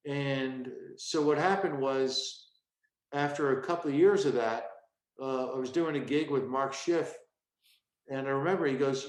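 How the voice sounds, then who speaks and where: A man's voice: medium pitch, unhurried. Comedian in his 60s, echoey room. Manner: acts out bits of his old stand-up act mid-story. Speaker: stand-up comedian guest. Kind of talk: storytelling interview.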